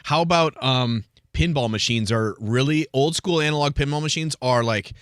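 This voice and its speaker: Chatty man, mid-pitched voice. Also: moderate pace, a bit bright, clear, resonant tone, no echo, clean studio sound. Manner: chatty, enthusiastic about hobbies. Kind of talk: casual talk.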